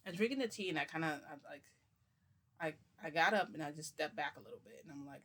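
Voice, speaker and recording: Rambling male storyteller, slightly high voice. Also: quick pace, fairly bright tone. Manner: rambling with fillers, acts out voices. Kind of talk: casual spoken storytelling.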